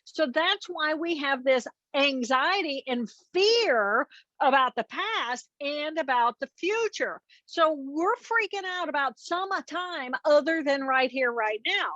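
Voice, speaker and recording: A woman's voice: high-pitched, expressive, slow, a bit bright, no echo, highs cut off. A woman guest expert explaining in an earnest, teaching way with step-by-step examples. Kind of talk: explanatory interview talk.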